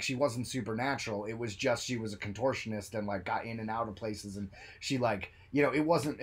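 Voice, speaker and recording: A man co-hosting a podcast, telling stories in a loose, animated way and slipping into joking voices. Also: on the low side, husky. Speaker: podcast co-host. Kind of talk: casual chat.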